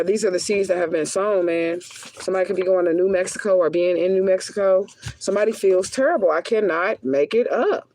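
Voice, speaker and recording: A woman spiritual reader gives a casual reading in a medium-pitched, slightly mellow voice, with a little hiss or hum on the audio. She talks bluntly and profanely, repeating herself with heat for emphasis.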